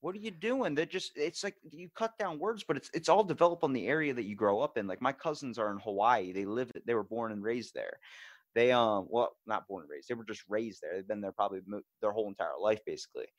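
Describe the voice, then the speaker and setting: Animated man telling stories, dry sound. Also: on the low side, fast, no echo, lo-fi sound. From Maryland, USA. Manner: animated storyteller, swears freely. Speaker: podcast host. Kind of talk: casual podcast chat.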